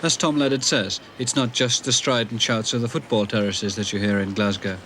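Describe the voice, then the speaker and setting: A man's voice: on the low side, fairly even intonation, brisk, fairly bright tone, slight background noise. A man giving scripted documentary narration.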